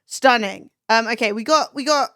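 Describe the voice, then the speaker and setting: High-voiced chatty woman. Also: moderate pace, fairly bright tone, clear, resonant tone, no echo, studio quality, soft background music. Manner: chatty, swears freely, laughs often. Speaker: live streamer. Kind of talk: casual live-stream chat, reading chat.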